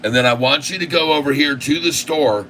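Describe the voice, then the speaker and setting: A man's voice: fairly high pitch, a little fast, a bit bright. A man hosting live stock market commentary, insistent and repetitive as he rattles off long lists of prices. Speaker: channel host. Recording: distant mic with faint air conditioning hum.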